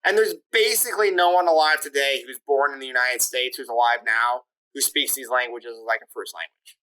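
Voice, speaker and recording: Bright-voiced man explaining, full of fillers. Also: medium pitch, a little fast, poor audio. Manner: talkative, leans on "like" and "you know" fillers; lays out points step by step with rhetorical questions. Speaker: podcast guest discussing immigration. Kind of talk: casual explanatory interview talk.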